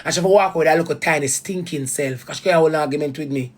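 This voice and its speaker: Heated jamaican woman ranting, low voice. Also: fast. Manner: heated, patois-heavy, swearing. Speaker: vlogger. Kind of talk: emotional personal rant to viewers.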